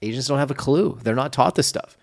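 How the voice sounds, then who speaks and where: He co-hosts a podcast as a real estate coach, offering casual coaching talk with emphasis and acting out sample dialogue. His voice is medium-pitched and brisk.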